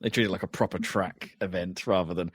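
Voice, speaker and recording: A man's voice: sits low, fairly even intonation, fast talker, breathy edge, no echo. A man co-hosting a podcast in casual chat, rambling with lots of restarts and fillers. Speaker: podcast co-host.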